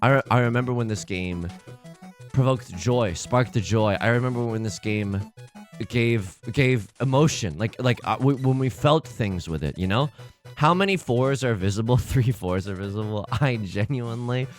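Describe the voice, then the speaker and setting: A man's voice: medium pitch, normal speed, faint music behind. A man hosting a let's play, giving casual, rambling, self-deprecating commentary while he plays.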